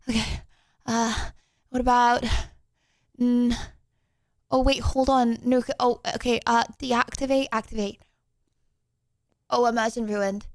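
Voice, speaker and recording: A young woman with a high voice streams from home, chatting on a desk mic. She talks slowly, drawn out and unhurried, then breaks into flustered exclamations and laughter over her tech troubles. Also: fairly even intonation. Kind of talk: casual live-stream chat.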